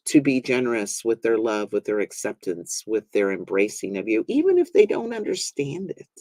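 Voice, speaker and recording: A man's voice: on the low side, big pitch swings, normal speed, a little mellow, no echo. Earnest man host in a dry recording. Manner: thoughtful, earnest, acts out quoted voices. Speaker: minister and talk show host. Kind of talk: reflective conversational talk.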